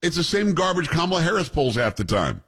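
A man's voice: a little high, very animated, quick pace, a bit bright, breathy edge. A man hosting an opinion show, describing clips with blunt, scornful commentary. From New York. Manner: blunt, scornful commentary with many rhetorical asides. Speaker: show host.

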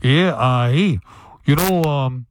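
A man's voice: on the high side, sing-song, normal speed, gravelly, darkish tone. A man plays a fumbling airline captain over the intercom, putting on a Canadian accent. He hesitates constantly, stuffing every phrase with uhs. A faint hiss sits behind him. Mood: bumbling. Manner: hesitant, full of uhs, chuckling.

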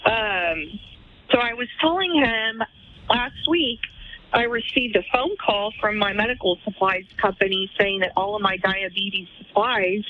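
A woman's voice: medium pitch, a little slow. A woman calling in to a radio show, explaining her point earnestly and at length. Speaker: caller. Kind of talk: phone-in call to a radio show. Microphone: telephone. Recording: dull phone line.

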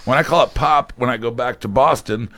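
A man's voice: medium pitch, a little fast, sharp tone. A man from Connecticut, a radio host telling a story in casual on-air banter and acting out the voices of the people in it.

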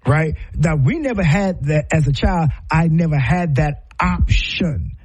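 A man's voice: fairly high pitch, animated, measured pace, a little mellow, breathy edge, low-quality recording. A middle-aged man talking in a casual, reflective monologue, rambling with frequent restarts and repeated words.

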